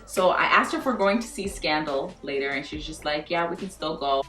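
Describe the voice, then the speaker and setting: A young woman tells a storytime vlog in an animated, profane way and acts out the lines people said. Her voice sits a little low and sounds far from the mic. The room is echoey, with faint music underneath. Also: a little fast. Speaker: vlogger.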